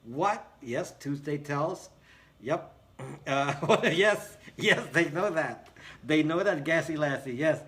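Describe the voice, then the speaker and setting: A man's voice: fairly high pitch, animated, slow pace, a bit bright. A man hosting a casual livestream, answering viewer comments with sarcastic jokes, frequent laughs and rambling asides. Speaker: livestream host.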